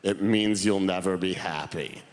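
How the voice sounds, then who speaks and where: A man voicing a gruff, deadpan grandfather on a live comedy stage. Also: low voice, measured pace, in a large hall, heavy background noise, voice pushed down. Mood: blunt.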